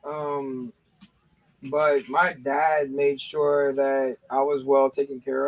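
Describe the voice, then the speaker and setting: A man's voice: medium pitch, flat delivery, slow pace. A man in his thirties hosting a livestream in casual, rambling chat, with lots of fillers and restarts. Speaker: livestream host.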